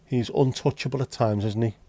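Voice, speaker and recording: A man's voice: medium pitch, fairly even intonation, brisk, dark tone, no echo. Sweary scouse man chatting on stream. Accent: Liverpool (Scouse). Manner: blunt, sweary banter with chat. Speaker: livestream host. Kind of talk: casual live-stream chat.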